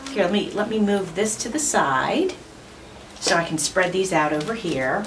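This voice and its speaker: A woman's voice: on the low side, normal speed, far from the mic, a little hiss or hum. A woman hosting her own craft channel, chatting through an unboxing with gushing enthusiasm. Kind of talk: unboxing narration.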